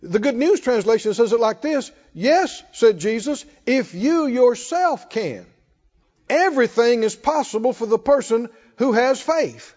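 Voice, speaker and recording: A man's voice: very high voice, animated, normal speed, few pauses, darkish tone. A man preaching a sermon in a folksy way, calling out to the congregation. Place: church hall. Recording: muffled hall reverb.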